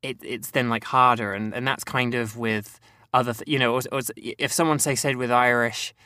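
A young man from England with a Southern English accent, talking as a voice actor guest in a relaxed interview. He rambles, often restarting sentences and filling pauses with ums. The recording is dry, with no room sound. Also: medium pitch, no room sound. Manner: chatty, hesitant, many restarts and fillers. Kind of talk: casual interview chat.

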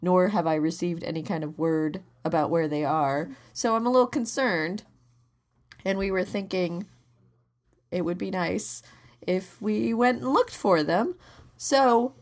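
A woman's voice: on the low side, measured pace. A woman co-hosting a podcast in casual chat, explaining things earnestly at length with many restarts, and dryly exasperated with her partner's jokes. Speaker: podcast co-host.

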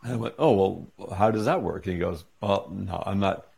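Gravelly low-voiced man telling a story. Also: a little fast. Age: 40s or 50s. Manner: animated retelling with quoted dialogue. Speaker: interview guest. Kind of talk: casual storytelling.

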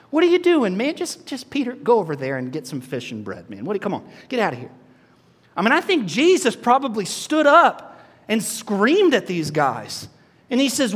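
Male preacher in his thirties, pitched high, fiery sermon delivery with dynamic swings, long church reverb. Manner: impassioned preaching, swings from quiet to shouting. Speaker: pastor. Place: large church hall. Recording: hall reverb.

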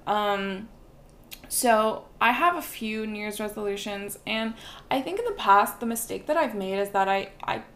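A woman's voice: mid-range voice, measured pace, a bit bright, slight background noise. A young woman hosting a casual solo podcast, chatty and self-deprecating, filling her talk with "like" and "um". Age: young adult. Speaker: podcast host.

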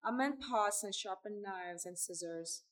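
A woman's voice: mid-range voice, a little slow, distant mic, lightly acted. A woman reading aloud, voicing a persistent traveling tinker man with a folksy, coaxing way of talking.

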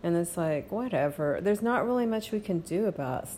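A woman's voice: fairly low pitch, lively intonation, normal speed, a little mellow, a little hiss or hum. A woman hosting a podcast, talking in a casual, rambling monologue with many fillers and reassuring "okay?" asides. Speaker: podcast host. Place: home.

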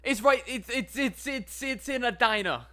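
A man voicing a brash, loudmouthed male dolphin who talks like a mob tough guy. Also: extremely high pitch, moderate pace, pitched above the performer's own voice. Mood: indignant.

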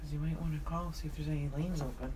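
A woman's voice: low voice, fairly even intonation, fast talker, a crowd in the background. A young woman giving orders to friends at home, bossy and swearing. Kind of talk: casual chat among friends. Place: home, indoors.

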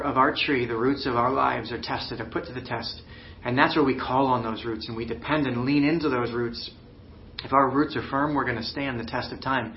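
A man's voice: mid-range voice, muffled recording, a little hiss or hum. A man preaching a sermon in an earnest, searching way, often restarting and using fillers. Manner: earnest, with many restarts and "you know" fillers. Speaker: pastor.

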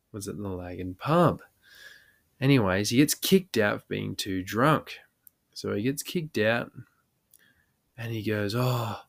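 Give me a young Australian man casually telling a funny pub story, laughing and swearing. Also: lowish voice. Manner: swearing, laughing yarn-teller with quoted voices. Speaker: podcast host.

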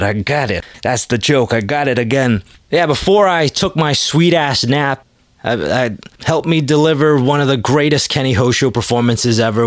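乾いた音で、気ままにしゃべる男性ポッドキャストホスト. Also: male voice, mid-range voice, no room sound. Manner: rambling, self-deprecating, profane. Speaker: podcast host. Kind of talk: casual solo podcast monologue.

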